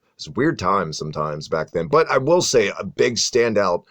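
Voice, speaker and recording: A man with a fairly low, deep voice co-hosts a casual podcast. He talks in an animated, profane way and rattles off long strings of names with barely a pause. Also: no room sound. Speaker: podcast co-host. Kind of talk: casual wrestling review chat.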